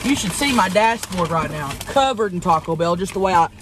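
A woman's voice: lowish voice, lively intonation, brisk, a crowd in the background, lightly acted. A woman playing a brash, foul-mouthed trailer-park lady, chatting crudely and teasing while eating in a parked car. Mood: blunt. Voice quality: crude and swearing, blunt and teasing. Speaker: guest. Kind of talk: casual chat in character.

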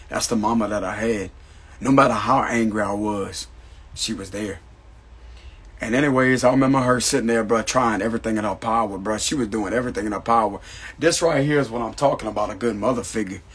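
A man's voice: medium pitch, fairly bright tone, breathy edge. A man telling a personal story in a casual monologue, talking emphatically and calling the listener "bro" again and again. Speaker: astrology channel host.

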